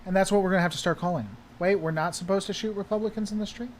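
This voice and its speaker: A man's voice: high voice, very fast, few pauses. A man hosting a casual livestream chat, rambling and heavily sarcastic as he answers viewers. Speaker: host.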